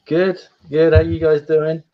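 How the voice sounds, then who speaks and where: A man, a guest voice actor, chatting in a relaxed, rambling way on a livestream call, laughing often. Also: fairly high pitch, measured pace. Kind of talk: casual livestream chat. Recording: dull lo-fi stream audio.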